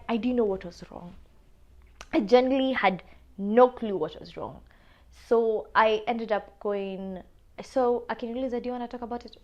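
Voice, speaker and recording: A young woman with a Kenyan accent telling a personal story on a podcast, animated and casual, mixing in Swahili slang. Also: on the high side, muffled recording. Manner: animated, switches between English and Swahili slang.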